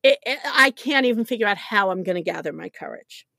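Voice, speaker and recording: A middle-aged woman telling a personal story to a podcast host, animated, self-deprecating and often laughing as she talks. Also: medium pitch, a little fast, vocal fry, no room sound, clean studio sound. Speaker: podcast guest. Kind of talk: conversational storytelling.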